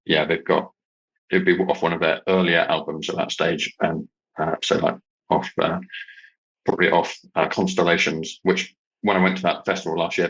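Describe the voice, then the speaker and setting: A man from Britain, a podcast guest, talking in a hesitant casual way with many pauses and restarts. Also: low voice, creaky, fairly bright tone, breathy edge, dull audio. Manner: hesitant, lots of ums and restarts. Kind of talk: casual chat.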